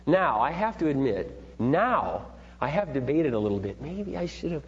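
Lively middle-aged man teaching in an echoey hall. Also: a little high, normal speed. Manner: rambling, folksy and animated. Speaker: seminar leader. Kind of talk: parenting seminar talk. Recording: dull echoey hall with faint hum.

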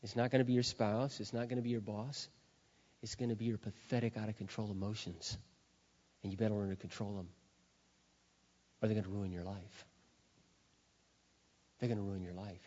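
A middle-aged male pastor preaching a sermon, forceful and emphatic, dropping to quiet intensity at times. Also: on the low side, level tone, normal speed, long pauses. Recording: dull sound with long hall reverb.

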